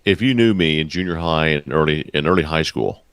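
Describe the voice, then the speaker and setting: Very deep-voiced man being interviewed. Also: fairly quick, fairly bright tone, dry recording. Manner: short, to-the-point remarks. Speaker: guest writer. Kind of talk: casual interview chat.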